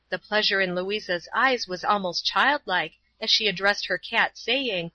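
Woman, storybook narration, steady clear reading, bright voice, dull lo-fi sound. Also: medium pitch, unhurried, few pauses, no echo. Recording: dull, dry lo-fi recording.

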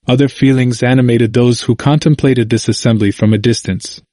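A man reads a history text aloud in a calm, even, measured way. His pitch sits mid-range for a man. The recording is close and dry, with no room sound. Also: no echo. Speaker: audiobook reader. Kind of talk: scripted narration of a history book.

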